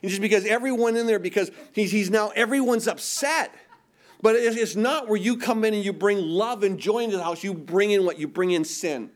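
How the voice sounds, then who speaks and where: A man's voice: high-pitched, brisk. A middle-aged male pastor preaching a sermon, asking rhetorical questions and repeating words for emphasis.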